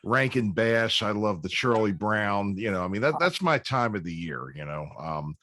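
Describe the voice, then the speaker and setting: A man's voice: lowish voice, lively intonation, moderate pace, sharp tone, dry recording. A man in his fifties hosting a casual interview, easygoing and rambling with many fillers. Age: 50s. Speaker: podcast host.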